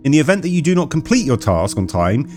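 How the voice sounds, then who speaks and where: A man's voice: fairly high pitch, very animated, quick pace, darkish tone, faint music behind, voice pushed up. A man putting on an Aussie prison officer. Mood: brusque official. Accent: put-on Australian. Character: gruff male prison officer with a put-on Australian accent.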